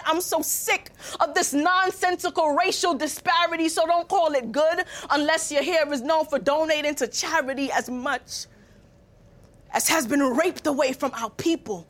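A young woman delivers a spoken word poem on stage with a rhythmic, rhyming cadence. Her voice sits very high, and she slides between formal and street registers as she goes. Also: normal speed, a bit bright. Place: stage before a live audience.

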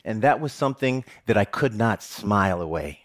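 A middle-aged man, a television reporter, telling a personal story in a talk with animated, joking delivery. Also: moderate pace. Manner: animated, jokey storytelling with big pitch swings.

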